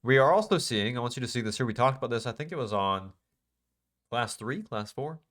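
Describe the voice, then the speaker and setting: A man's voice: medium pitch, animated, brisk, fairly bright tone. A man teaching a live trading class in a casual, emphatic way, repeating phrases and asking the class questions. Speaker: trading instructor.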